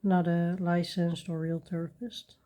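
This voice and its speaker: A woman hosting a coloring video, chatting casually and rambling softly while she works at her desk. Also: on the low side, level tone, unhurried. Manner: soft-spoken, rambling, with little laughs. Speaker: coloring channel host.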